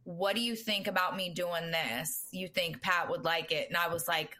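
Woman podcast co-host, casual and blunt, cusses, lower voice with a crisp bright edge. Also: steady tone, moderate pace. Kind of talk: casual chat.

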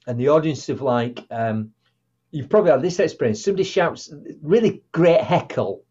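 A man's voice: on the high side, normal speed, slightly rough. A man, a guest speaker and author, telling stories in a podcast interview and acting out quotes. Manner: animated storyteller, acts out quotes. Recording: muffled lo-fi audio.

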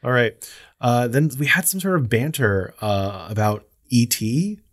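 A man's voice: medium pitch, lively intonation, measured pace, a bit bright. A man co-hosting a podcast in casual chat, reading out listener messages in a rambling way, full of fillers and easy laughter. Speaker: podcast co-host.

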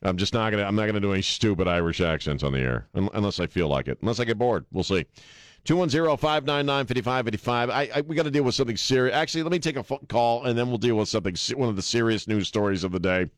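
A male talk radio host with a low-pitched voice and a blunt, irreverent, joking way of talking. He takes calls and riffs on the news. The sound is close and dry, with no room in it. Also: lively intonation, racing, no echo. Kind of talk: talk radio monologue and call-in.

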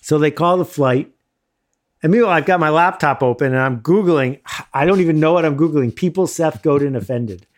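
A middle-aged man casually telling a self-mocking anecdote in lively bursts. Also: on the high side, fairly quick. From United States. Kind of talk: casual storytelling.

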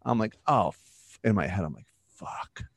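A man co-hosting a podcast in casual conversation, telling stories with lively quoted voices. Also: fairly low pitch, normal speed, a little hiss or hum. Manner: animated storytelling, acting out quoted voices. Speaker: podcast co-host.

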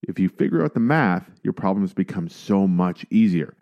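Man, podcast co-host, deep voice, emphatic, casual coaching chat, muffled recording. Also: lively intonation, moderate pace, creaky. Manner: emphatic, mimics complainers in a high voice.

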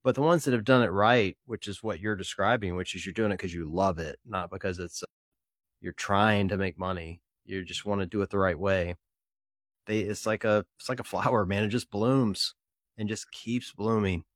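Podcast host from Mississippi, low-ish male voice, close dry mic, joking, animated chat. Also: normal speed, no echo. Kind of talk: casual interview chat.

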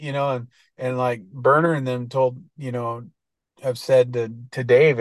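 A man's voice: mid-range voice, level tone, normal speed, no room sound. A middle-aged man chatting casually as a guest, laid-back and slangy, full of fillers and restarts. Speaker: guest editor. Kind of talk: casual podcast chat.

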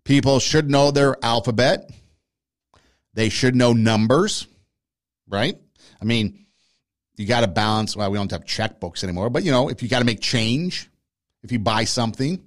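A man's voice: mid-range voice, normal speed, pauses often. A man hosting a podcast, giving argumentative opinion commentary and speaking straight to his listeners. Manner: argumentative, addresses listeners directly. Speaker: podcast host.

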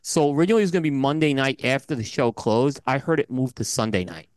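A male podcast guest with a mid-range voice talks quickly, offering analytical commentary in casual chat. He lays things out in numbered points, with lots of fillers and restarts, and there's no room sound.

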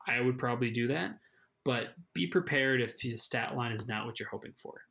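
A man's voice: mid-range voice, animated, normal speed, creaky, pushed and bright. Chatty man talking fantasy football. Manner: chatty, hedging, restarts phrases. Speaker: fantasy football podcast co-host. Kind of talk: casual sports chat.

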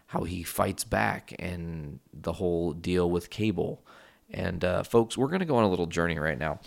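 Brief: male podcaster at home, casual and profane, tangent-prone, with a gravelly low voice. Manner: rambling and profane, wanders off on tangents. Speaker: podcast host. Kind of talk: casual solo podcast storytelling. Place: his house.

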